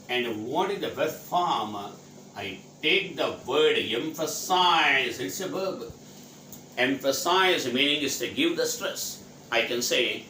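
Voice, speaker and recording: A man's voice: mid-range voice, pushed and bright. A man from India teaching English vocabulary, spelling each word letter by letter and answering his own questions. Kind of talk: spelling out and explaining words. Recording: echoey room, faint noise.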